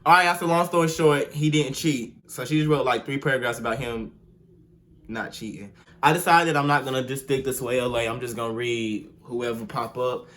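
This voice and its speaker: Young guy reading cringey fan fic out loud, slangy and dramatic, average pitch, keeps breaking into sing-song. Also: moderate pace. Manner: slangy, animated, mock-outraged, bursts into sing-song. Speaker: video host. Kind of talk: comedic reading with commentary.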